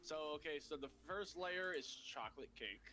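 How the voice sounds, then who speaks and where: Male guest, teasing and giggly, talks with his mouth full; fairly high, bright voice, faint music behind. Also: lively intonation, moderate pace. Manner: teasing, laughing, chewing while talking. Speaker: guest on call. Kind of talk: casual chat on a call. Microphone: new mic.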